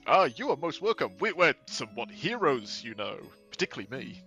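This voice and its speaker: A man doing a pompous French gentleman. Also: a little high, big pitch swings, a little fast, highs cut off, faint music behind, heavily acted. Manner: pompous, boastful, theatrical.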